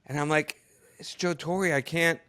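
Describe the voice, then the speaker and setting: A man in casual podcast chat, telling a long story with halting restarts and frequent laughter, acting out the other people he quotes. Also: on the high side. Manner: animated storyteller who acts out quotes, laughs often; halting, with many restarts and fillers. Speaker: podcast co-host, former astronaut.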